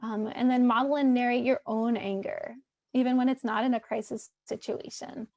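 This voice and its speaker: A woman's voice: a little high, fairly even intonation, moderate pace, a little mellow, dry recording, lo-fi sound. A woman therapist presenting a webinar in a loose, conversational way, with many fillers and restarts.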